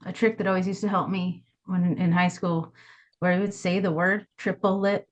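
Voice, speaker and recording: A woman's voice: fairly low pitch, level tone, moderate pace. A young woman student sharing a study trick in class, hesitant with fillers, chanting a word to show the rhythm. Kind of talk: answering in class.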